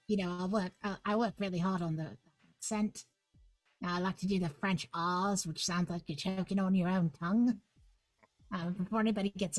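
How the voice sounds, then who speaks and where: A woman's voice: medium pitch, no echo, poor audio. A woman running a tabletop game as guest game master, chatting in a playful, joking, rambling way on a livestream. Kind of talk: casual livestream chat.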